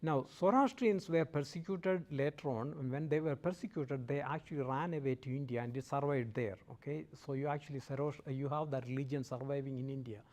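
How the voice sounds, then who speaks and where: A man's voice: medium pitch, brisk, few pauses, darkish tone. A man lecturing a student group in a conversational way, often checking in with "okay?" and joking lightly with the audience. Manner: checks in with listeners, frequent "okay?". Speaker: guest lecturer.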